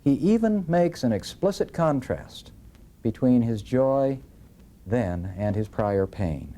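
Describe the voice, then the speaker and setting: A man's voice: mid-range voice, animated, slow, dark tone. A man giving an earnest scripture lecture, reading verses aloud and telling listeners what to underline. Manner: earnest, instructive, reads verses with rising emphasis.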